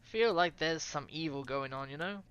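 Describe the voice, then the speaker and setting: A woman's voice: deep voice, normal speed, fairly bright tone, clean tone, highs cut off. A reader voicing a young woman investigator who talks in a casual, wary way.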